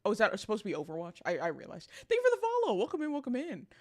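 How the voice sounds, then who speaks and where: A woman's voice: mid-range voice, wildly swooping pitch, very fast, darkish tone. A young woman streaming, chatting casually with a sleepy morning voice, laughing often and greeting chat.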